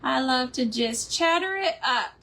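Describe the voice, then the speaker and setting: A woman's voice: high-pitched, animated, unhurried, sharp tone. A woman hosting a live crafting stream from her home, chatting in a rambling way and laughing often. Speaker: craft livestream host. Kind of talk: casual chat while crafting live.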